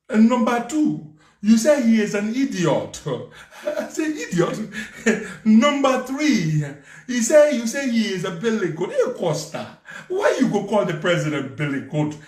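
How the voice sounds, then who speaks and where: A political commentator with a Liberian English accent tells a mocking political story, laughing often along the way. His voice sits high and sing-song, and he speaks unhurriedly. The recording is echoey, with him far from the mic.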